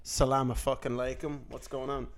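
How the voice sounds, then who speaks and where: A man's voice: medium pitch, little pitch movement, fairly quick. A young man co-hosting a casual comedy podcast, joking, laughing often and acting out bits in put-on voices. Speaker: podcast co-host.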